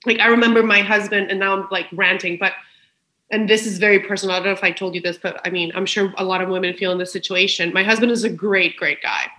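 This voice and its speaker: A woman's voice: medium pitch, fairly even intonation, fast talker, bright, forceful tone. A woman speaking as a podcast guest in a frank, emotional, personal conversation, swearing freely. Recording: roomy echo.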